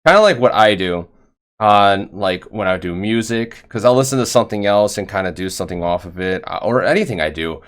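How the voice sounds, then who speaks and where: A man's voice: on the low side, a little fast. A man hosting a casual interview podcast, rambling and stumbling over his words. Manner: rambling, stumbling, frequent fillers. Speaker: podcast host.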